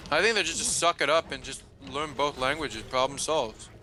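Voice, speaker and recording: A man's voice: on the high side, normal speed, pushed and bright, slight background noise. A young man, rambling and swearing through a casual chat while playing a game. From Canada. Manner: rambling, profane, ranting. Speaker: let's-play co-host. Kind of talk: casual chat over gameplay.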